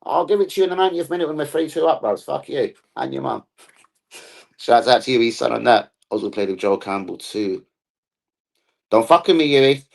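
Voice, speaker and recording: A man's voice: medium pitch, lively intonation, a little fast, vocal fry. A young man hosting a football live stream, talking in rowdy, profane slang-heavy banter.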